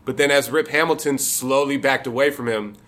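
A man's voice: medium pitch, a little fast, a bit bright. A man from Michigan telling a funny personal story to a live audience, casual and profane, often chuckling.

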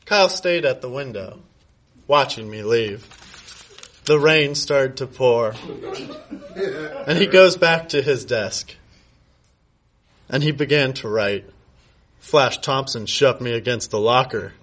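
A man reading his own comic story aloud at a live show, with a deadpan, melodramatic delivery. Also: medium pitch, slow pace, pauses often. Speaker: comedy storyteller. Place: live venue with audience.

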